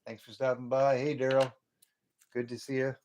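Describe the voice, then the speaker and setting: A man's voice: mid-range voice, little pitch movement, normal speed, highs cut off, noisy background. A middle-aged man hosting a casual live stream from home, chatting in a folksy way and calling viewers brother.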